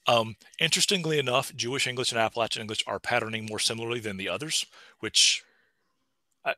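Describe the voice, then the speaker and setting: A man giving a casual, animated seminar talk as a linguistics lecturer, full of lively rising pitch. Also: fast talker, no room sound. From East Tennessee.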